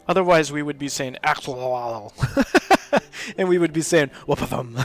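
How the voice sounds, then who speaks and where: A man's voice: on the high side, animated, slow pace, soft background music. A man hosting a live game stream, chatting casually and rambling, often breaking into laughs. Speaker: host of a live gaming stream. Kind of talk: casual gameplay commentary.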